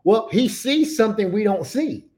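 Higher-voiced man co-preaching a sermon. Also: lively intonation, moderate pace, darkish tone. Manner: affirming, teaching with rhetorical questions. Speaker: pastor. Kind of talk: conversational sermon.

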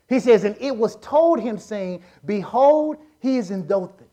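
A woman preacher with a Southern American accent, delivering a lively sermon, acting out Bible characters and rising to shouts. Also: medium pitch, normal speed, few pauses. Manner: animated, acts out Bible characters, shouts at peaks.

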